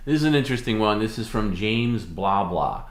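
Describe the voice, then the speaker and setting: A man's voice: fairly low pitch, lively intonation, normal speed, roomy sound, background noise. A man co-hosting a live stream, reading out viewer offers and patiently coaxing the host.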